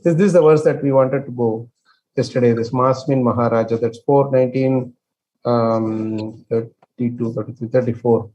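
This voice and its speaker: A man leading an online scripture class. He explains with many fillers and restarts and chants verses very slowly. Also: medium pitch, steady tone, warm tone, dull audio, slight background noise. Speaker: scripture study teacher.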